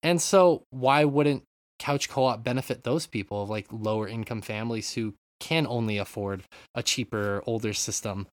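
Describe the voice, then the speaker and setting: A man's voice: medium pitch, moderate pace, dry recording. A man hosting a casual gaming podcast, rambling, swearing freely and reading out listener comments. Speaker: podcast host.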